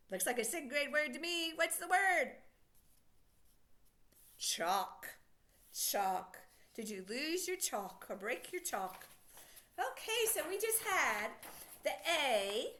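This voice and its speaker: In a slow, melodic teacher's voice, a woman works through a phonics lesson for kids, drawing out each letter sound and offering praise. Her pitch stays lively as she stretches the sounds.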